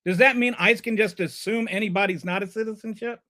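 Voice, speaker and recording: A man's voice: sits high, a little fast, sharp tone. A man hosting a live stream and ranting about politics. He is heated and sarcastic, and he stumbles and repeats words when he gets flustered.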